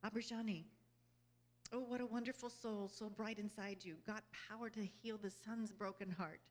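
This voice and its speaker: A woman's voice: mid-range voice, fairly even intonation, normal speed. A woman giving an inspirational talk to a group, earnest and conversational, often checking in with her listeners and laughing easily. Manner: earnest and conversational, often asking "you know?"; laughs easily between thoughts. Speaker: spiritual speaker.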